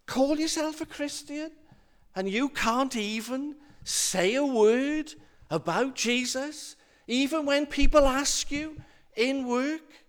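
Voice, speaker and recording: A man's voice: extremely high pitch, slow pace, fairly bright tone, voice pushed up, exaggerated voice. A man voicing a nagging inner voice of self-doubt that scornfully belittles the listener.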